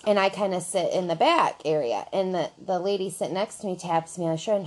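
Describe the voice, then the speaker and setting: A woman on a podcast telling a story about herself in casual chat, animated and self-mocking, swearing freely. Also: fairly low pitch, fast talker, hardly any pauses, slight background noise.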